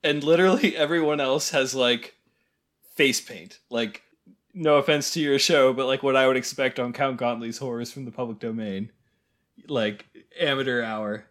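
A man's voice: mid-range voice, moderate pace. A man co-hosting a podcast, talking casually about a film with plenty of fillers. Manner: relaxed, agreeable, filler-heavy. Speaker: podcast co-host. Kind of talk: casual film review chat.

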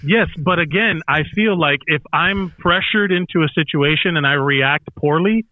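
A man's voice: fairly high pitch, normal speed, no room sound. A man co-hosting a casual podcast, arguing his point with lots of fillers and restarts. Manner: argumentative, hedging with fillers. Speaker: podcast co-host. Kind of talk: casual chat. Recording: tinny phone-like line.

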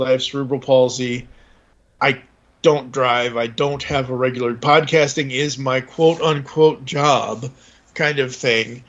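A man's voice: mid-range voice, a bit bright, highs cut off. A man hosting a podcast, telling a long, rambling story in a casual chat.

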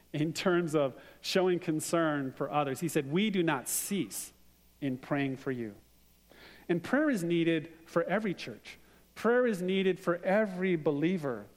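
A man's voice: on the high side, a little mellow. Middle-aged male pastor, echoing hall. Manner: conversational preaching with personal stories. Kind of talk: sermon. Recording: long reverb of a hall.

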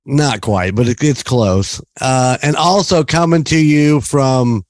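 A man's voice: mid-range voice, slow pace, no room sound, clean studio sound. A man hosting a podcast from home, chatting casually and rambling with frequent laughs. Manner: rambling, laughs often, restarts. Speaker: podcast host. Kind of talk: casual chat. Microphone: remote call setup.

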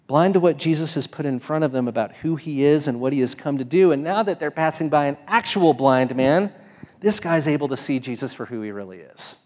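A man delivers a sermon in a loose, conversational way, often restarting his sentences. His voice sits a bit high for a man. The sound rings with the long reverb of a church sanctuary. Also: expressive, a little fast, a little mellow. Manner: conversational, many fillers and restarts. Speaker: pastor.

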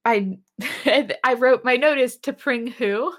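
A woman's voice: a little high, slow, a bit bright. A woman casually recapping a TV episode as a podcast co-host, telling it animatedly with acted quotes.

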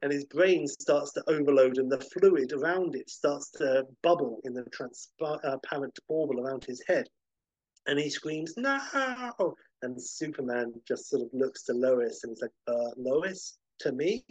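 A man hosting a podcast, narrating a film pitch vividly, with occasional fillers. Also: steady tone, moderate pace, few pauses, a little mellow, slightly rough, no room sound, rough recording. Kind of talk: animated story pitch.

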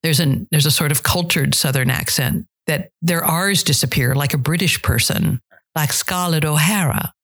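A middle-aged woman who works as a dialect coach and theater director chats through a casual interview. Her voice is low, slightly bright, and moderately paced, and she tells stories like a chatty raconteur, trailing off and starting over.

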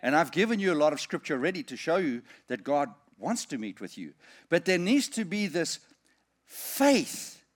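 A middle-aged man preaching a sermon, reading scripture slowly and emphatically, then rising and falling in loudness as he drives his points home. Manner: animated preaching with lively swings in pitch and volume.

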